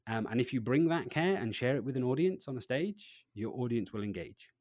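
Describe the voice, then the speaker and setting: A man giving an interview about his training work, lively, acting out little voices and swinging between loud and quiet. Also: medium pitch, brisk, no room sound, studio quality. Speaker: presentation trainer, guest. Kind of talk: animated podcast interview.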